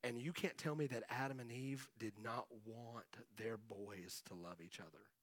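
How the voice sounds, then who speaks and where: A man's voice: medium pitch, normal speed, few pauses, a bit bright, no echo. A middle-aged man preaching a sermon as the pastor, chatting with the congregation and calling out to them for answers. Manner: conversational preaching with audience call-outs.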